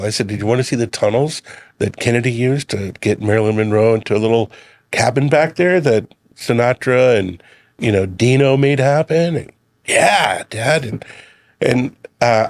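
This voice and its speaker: A man's voice: mid-range voice, dry recording. A middle-aged man, a chef guest on a radio show, telling a long family story at an easy pace. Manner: relaxed storyteller, quotes his sons and himself. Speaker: guest, chef and community leader. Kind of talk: casual chat.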